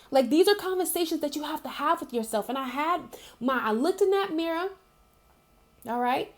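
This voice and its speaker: A woman's voice: high voice, animated, normal speed. A young woman giving a casual, heartfelt spiritual talk to her viewers, repeating herself and using lots of fillers as she speaks. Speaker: spiritual reader. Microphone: home video recording.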